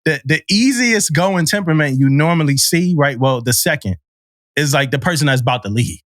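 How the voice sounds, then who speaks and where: Man, fairly high voice, animated, slangy, laughs a lot, dry close sound. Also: brisk, no room sound. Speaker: podcast co-host, Navy sailor. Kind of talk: casual chat.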